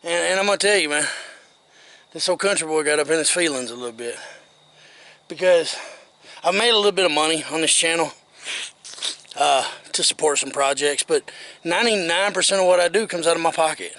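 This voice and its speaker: A man's voice: a little high, a little fast, pauses often, pushed and bright. A man vlogging in a casual, folksy and earnest way, out of breath after working. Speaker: outdoor vlogger. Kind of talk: casual vlog talk.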